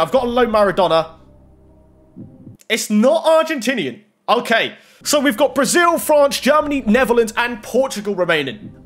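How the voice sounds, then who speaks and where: A young man giving casual running commentary while opening game packs. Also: very high voice. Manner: running commentary, rising to excited shouts. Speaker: FIFA pack-opening YouTuber.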